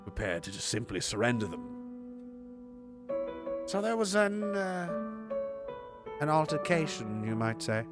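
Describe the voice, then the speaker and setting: A man putting on the voice of a creepy, mock-genteel cannibal villain, telling a story slowly. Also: medium pitch, big pitch swings, over loud music. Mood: sinister.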